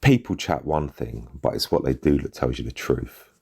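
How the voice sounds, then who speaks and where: Very deep husky male storyteller. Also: lively intonation, moderate pace, mellow. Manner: gritty street slang, bitter. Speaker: narrator. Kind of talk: first-person short story reading.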